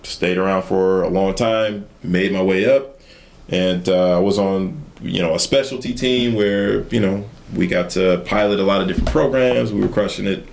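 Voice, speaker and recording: A man's voice: sits low, moderate pace, creaky, a little hiss or hum. A young man, a podcast guest, telling a story casually with plenty of fillers. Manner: relaxed, many fillers. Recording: echoey room.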